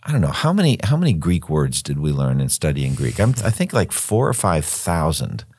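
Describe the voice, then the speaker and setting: A man's voice: very deep voice, very animated, moderate pace, a little mellow, breathy edge, no echo. An older man, a former missionary, talking through a Bible study in a thoughtful, rambling way, often repeating words as he thinks. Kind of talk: conversational Bible study discussion.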